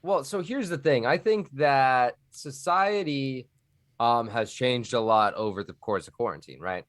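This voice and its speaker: A man from Texas rambles and jokes through a casual podcast chat. He slips between a relaxed drawl and a nerdy put-on voice, all in a mid-range pitch. The recording is dry and close. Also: unhurried, no echo. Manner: loose, joking, rambling. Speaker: podcast guest.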